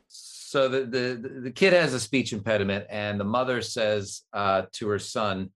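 A man guest telling a long joke in a casual, animated way, laughing often. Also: fairly low pitch, measured pace.

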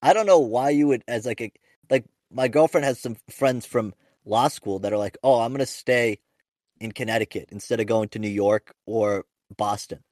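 A man's voice: medium pitch, moderate pace, darkish tone, no room sound, clean studio sound. A young man, a podcast host and stand-up comic, telling rambling, profane stories with lots of restarts. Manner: rambling, profane, self-interrupting anecdotes. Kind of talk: casual podcast storytelling.

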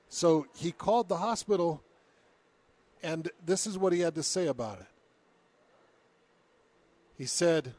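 A man on a talk radio show tells an odd news story to his co-host, reading people's quotes aloud in a put-on British accent. His voice sits a bit higher than most men's. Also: lively intonation, a little slow, long pauses, a little mellow.

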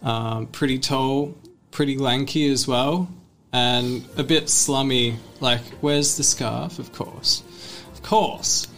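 An Australian man playing a tabletop game, talking in a hesitant, halting way. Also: medium pitch, fairly even intonation, a bit bright, faint music behind. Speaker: player. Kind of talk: casual chat.

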